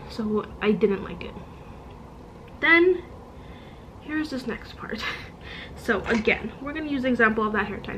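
A woman vlogger talking straight to camera in a casual storytime. Her voice sits a little high, and her telling is animated and exasperated. She demonstrates with props as she explains. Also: slight background noise, low-quality recording. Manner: demonstrates with objects while talking.

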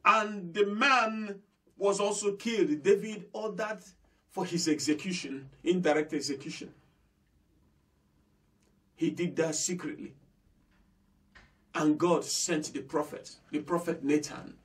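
A man's voice: sits high, takes it slowly, long pauses, fairly bright tone, distant mic. A man preaching a sermon as pastor. He is fervent, repeats phrases for emphasis and speaks straight to his listeners. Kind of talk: impassioned sermon.

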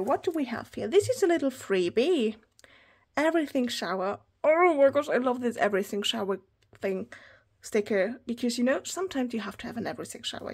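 A high-voiced woman gushes her way through a stationery haul, often slipping into a soft whisper. Her voice is husky and breathy, with packaging crinkling around her words. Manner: gushing, often drops to a whisper. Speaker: planner vlogger. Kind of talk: casual haul unboxing.

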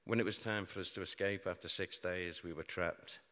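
A deep, slightly bright voice, steady in tone and brisk, comes from a middle-aged man from Britain with a British English accent. Onstage as a storyteller, he shares a true story of grim events with a live audience in a large hall, full of wry humour at his own expense. Long reverb from the hall is audible.

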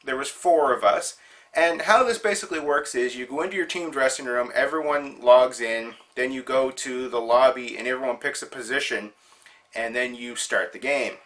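A man's voice: medium pitch, normal speed, a bit bright. A man hosting his own show, telling a funny story in a chatty, amused way. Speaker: show host. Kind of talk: casual storytelling monologue.

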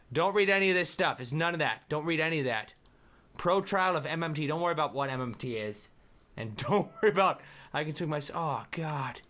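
A young man commenting live while playing a game, excitable, yelling and laughing at what happens. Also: on the high side, creaky, slight background noise. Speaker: gaming video host.

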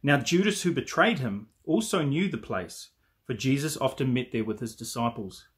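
A man reading a Bible passage aloud in a church service, steady and even. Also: mid-range voice, moderate pace. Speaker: scripture reader.

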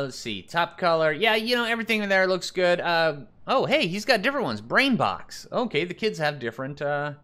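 This is a man giving relaxed let's-play commentary, chatting to himself as he clicks through options and reads the on-screen text aloud. His voice is bright and forward, and his pitch swings up and down as he goes. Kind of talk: casual gameplay commentary.

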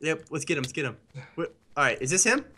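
A man's voice: a little high, very animated, sharp tone. A man chatting eagerly as a teammate during a game. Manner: quick, eager, encouraging. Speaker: gaming teammate. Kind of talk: casual gameplay chat.

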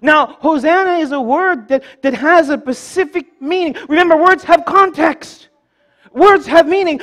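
A man's voice: extremely high pitch, a bit bright. A man preaching a sermon in church, leading the congregation in call-and-response and breaking in with joking asides.

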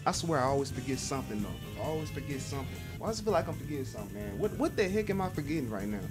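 A young man streaming a game, rambling and swearing as he plays, with loud, animated reactions. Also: mid-range voice, racing, music in the background. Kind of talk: excitable gameplay commentary.

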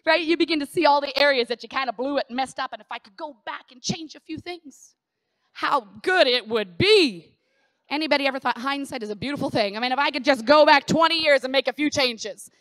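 A middle-aged woman pastor preaching a sermon in an animated, conversational way, repeating phrases for emphasis. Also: high-pitched, fairly quick, no room sound, clean studio sound.

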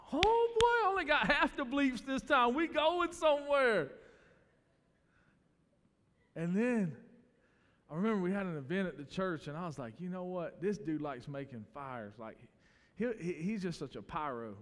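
A man, a pastor preaching a sermon in a casual storytelling way. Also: fairly high pitch. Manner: storytelling, conversational, quotes others in acted voices. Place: church sanctuary. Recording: church hall with long reverb.

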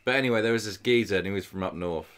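A man's voice: lowish voice, rapid-fire, fairly bright tone. A man co-hosting a podcast, teasing and cracking dry jokes in casual banter. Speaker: podcast co-host.

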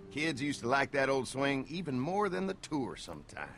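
An actor voicing a polite, helpful young farmer in a video game. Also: male voice, mid-range voice, sing-song, normal speed, a bit bright, slight background noise. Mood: friendly.

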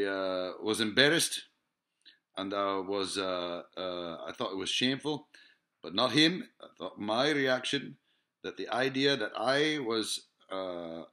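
A man's voice: on the low side, pushed and bright. A man in a rambling, profane monologue, full of hesitations and rhetorical questions. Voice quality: profane, rambling, lots of filler sounds. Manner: digressive, musing, asks rhetorical questions.

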